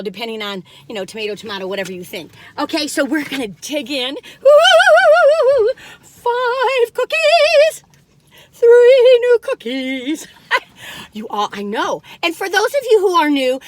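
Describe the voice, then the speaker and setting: A woman's voice: sits high, sharp tone, dry recording. A middle-aged woman, chatting in a bubbly, rambling way as she taste-tests cookies in her parked car and sometimes breaks into song. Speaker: food review vlogger.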